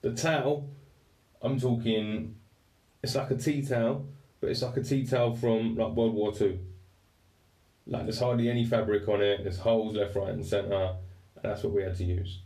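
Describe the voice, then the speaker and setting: A young man telling a story in a casual, animated and self-mocking way. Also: fairly low pitch, moderate pace, pauses often. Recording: roomy and distant mic.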